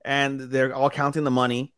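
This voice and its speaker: Male podcast co-host, mid pitch, dry sound, animated casual recap. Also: normal speed, clear, resonant tone, no echo. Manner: animated retelling with acted-out quotes and swearing. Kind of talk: casual anime recap chat.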